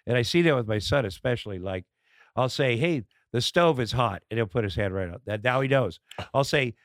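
A middle-aged man, a comedian and podcast guest, in casual chat, telling candid stories with halting fillers and acted-out dialogue. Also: medium pitch, lively intonation, no room sound, studio quality.

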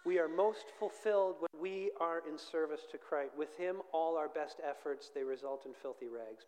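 A man preaching a sermon and leading a prayer, earnest, swelling loud and then dropping to near quiet. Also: a little high, normal speed, few pauses, long reverb tail. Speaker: pastor.

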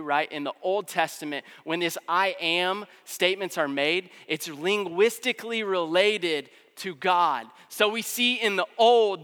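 A man preaching a sermon in a relaxed, conversational way, filling his explanations with casual fillers. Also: high voice, clear, resonant tone. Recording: long hall reverb.

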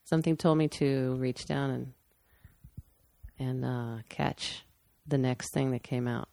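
Low gravelly-voiced woman, candid storytelling. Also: fairly even intonation, slow, mellow, no room sound. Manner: candid, matter-of-fact, with restarts. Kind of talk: personal storytelling in casual chat.

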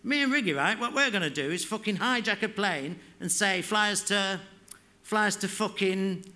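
A man doing a rowdy, excitable teenager. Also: high-pitched, moderate pace, pitched above the performer's own voice. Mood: excited. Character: rowdy teenage lad, hyped-up joker.

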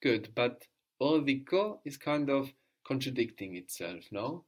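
A man teaching a one-on-one language lesson, patiently prompting his student and slowly repeating the answers. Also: medium pitch, sing-song.

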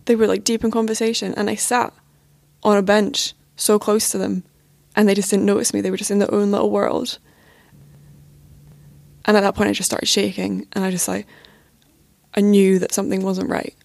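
A woman's voice: medium pitch, little pitch movement, moderate pace, creaky, darkish tone. A young woman telling a personal story as a podcast guest, casual and full of filler words.

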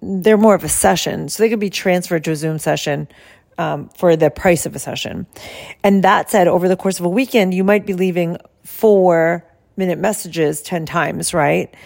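A woman health coach who explains her service in a soft, calm and soothing way and guides slow breathing. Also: lowish voice, gravelly.

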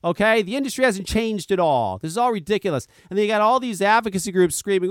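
A man's voice: high-pitched, sing-song, fast, hardly any pauses, dry recording, clean studio sound. A man hosting a talk radio podcast, ranting sarcastically with heavy swearing. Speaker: podcast host.

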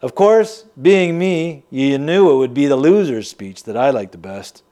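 A man's voice: medium pitch, animated, unhurried, warm tone, lightly acted. An actor playing a bitter, sardonic man confiding in an audio drama monologue. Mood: wry. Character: bitter wry man, family's weary son. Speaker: narrating character.

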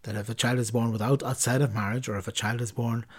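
Guy doing a catholic podcast, reads the text kinda measured with little slips, then talks it through loosely with lots of ums. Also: medium pitch, fairly even intonation, breathy edge. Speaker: podcast host reading and explaining Catholic teaching. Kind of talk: reading a text aloud, then unscripted commentary.

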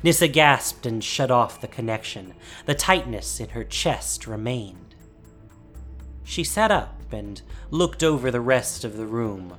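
Audiobook narrator: a woman with a low, expressive voice, varied pitch. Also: unhurried. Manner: expressive storytelling. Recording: faint music behind.

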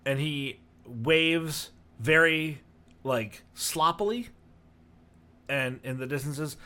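A man runs a tabletop game as game master, setting the scene in an easygoing, rambling way. He pauses often and fills the gaps with loose asides. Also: on the high side. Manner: relaxed, rambling descriptions with fillers.

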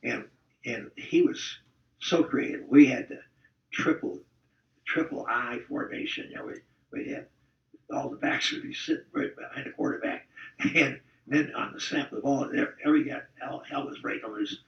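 A creaky, medium-pitched voice belongs to an older man who used to play football, rambling through salty anecdotes with a chuckle in a casual interview. He talks at normal speed, and the recording is distant, roomy and dull.

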